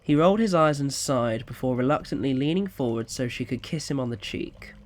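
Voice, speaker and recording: A man narrating an audio story in a quiet, even storytelling manner. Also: mid-range voice, brisk.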